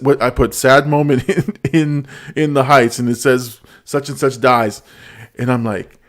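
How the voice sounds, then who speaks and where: A man's voice: medium pitch, fairly even intonation, fairly quick. Laughing live stream host, man. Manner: laughs often, repeats words, reads chat aloud. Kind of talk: casual chat.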